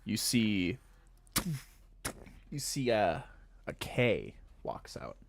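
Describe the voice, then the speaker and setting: A man's voice: lowish voice, sing-song, drawn-out words, creaky, slight background noise. A young man narrating a tabletop game as game master, loose and rambling.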